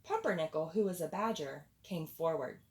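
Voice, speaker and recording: Woman reading a kids picture book, low voice, bouncy and expressive. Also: normal speed. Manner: playful, expressive storytelling. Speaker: storyteller.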